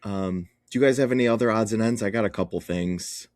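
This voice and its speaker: A man's voice: lowish voice, brisk, a little mellow, no echo, clean studio sound. A young man, a podcast co-host, chatting casually and telling stories with easy laughs. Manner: storytelling, laughs easily. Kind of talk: casual chat.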